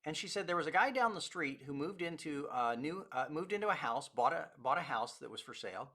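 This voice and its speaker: A man's voice: a little high, expressive, brisk, pushed and bright. A man, a pastor, teaching a recorded lecture and telling anecdotes in a conversational way with quoted dialogue.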